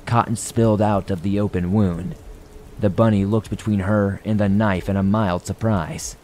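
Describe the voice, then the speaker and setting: Male horror narrator, very deep and dark, measured and hushed, soft rain behind. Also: steady tone, a little hiss or hum.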